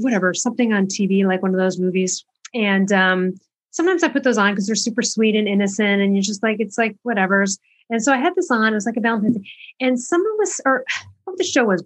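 A woman hosting a casual podcast chat, an animated storyteller who acts out what people said and swears casually. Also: mid-range voice. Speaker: podcast host.

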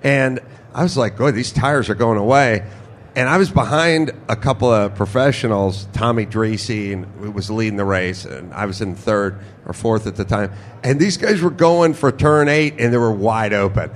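A man who races cars, telling a lively story on a podcast at a busy trade show booth, acting out what people said. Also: normal speed, a little hiss or hum. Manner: lively, acts out quotes with rising pitch. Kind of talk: animated storytelling.

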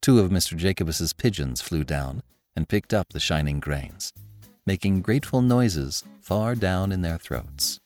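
A man narrating a classic story as an audiobook host, with expressive storytelling. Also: low voice, measured pace, faint music behind.

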